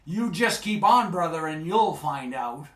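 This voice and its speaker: A man voicing a surly, cross old male sea serpent who orders a fisherman around, loud and pushy. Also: a little high, lively intonation, measured pace. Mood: surly, bossy. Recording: echoey live stage.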